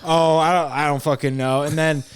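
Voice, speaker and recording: Slightly high-voiced man, animated and swearing. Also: normal speed, smooth. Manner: animated, swears a lot, acts out quotes. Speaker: podcast host. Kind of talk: casual chat.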